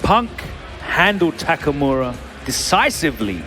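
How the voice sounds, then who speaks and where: A man's voice: fairly high pitch, big pitch swings, measured pace, over music. A man doing analytical esports commentary with dry humor.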